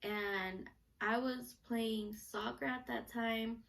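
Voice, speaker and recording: A young woman talks casually straight to camera, bubbly and chatty, with a steady stream of "like" and "you know". Her voice sits a little higher than most women's. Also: slow, vocal fry. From United States, Mexican parents. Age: young adult. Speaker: vlogger, student reporter.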